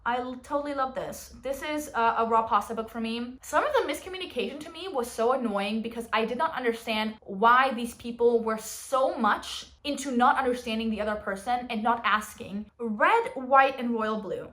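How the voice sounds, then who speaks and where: A woman's voice: on the high side, a bit bright. A young woman ranking books in a casual vlog, blunt and dramatic in her opinions. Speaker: book vlogger.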